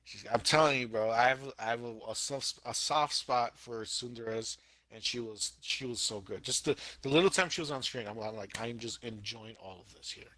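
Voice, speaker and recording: Young male co-host, bright and lively, jokey and excitable, dry close mic. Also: mid-range voice, moderate pace, dry recording. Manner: excitable, jokey, repeats words. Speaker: podcast co-host. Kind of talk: casual anime podcast chat.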